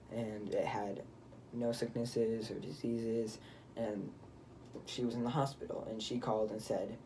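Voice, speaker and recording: Mellow-voiced teenage guy telling a story. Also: medium pitch, distant mic, a little hiss or hum. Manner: rambling retelling with many fillers and restarts. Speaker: vlogger. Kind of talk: casual story time.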